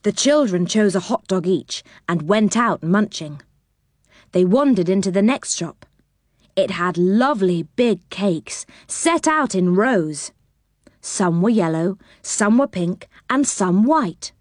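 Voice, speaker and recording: A woman reading a children's storybook aloud, gentle and expressive. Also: mid-range voice, slow, no echo, studio quality.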